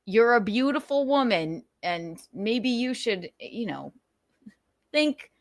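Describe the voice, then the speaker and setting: A woman's voice: on the high side, sing-song, takes it slowly, dry recording, clean studio sound. A woman hosting her talk show, speaking in a profane, defensive and emphatic way. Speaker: show host. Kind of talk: casual talk-show commentary.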